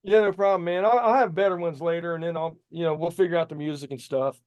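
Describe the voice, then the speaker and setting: A man talking casually as a podcast guest over a video call, rough-spoken and demonstrating screams and sound effects. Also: on the high side, steady tone, quick pace, a little mellow, no room sound. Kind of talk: casual chat.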